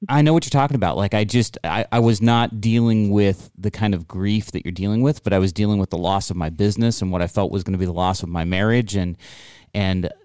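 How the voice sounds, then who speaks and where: Male host, earnest and empathetic, deep and dry close-mic sound. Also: a little fast, a little mellow, clear, resonant tone, no room sound. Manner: earnest, empathetic, shares personal stories. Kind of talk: conversational talk show.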